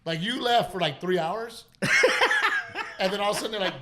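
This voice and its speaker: A middle-aged man from Texas, hosting a podcast and telling stories in an animated way, laughing often and swearing. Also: sits high, moderate pace. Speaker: podcast host. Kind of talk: casual chat.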